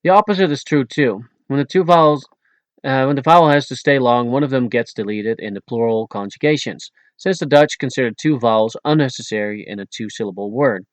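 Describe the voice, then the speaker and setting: A man narrating an audiobook language lesson in a plain explanatory way, slowing down for each example word. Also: mid-range voice, no echo, highs cut off. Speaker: audiobook narrator teaching Dutch. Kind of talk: read-aloud language lesson.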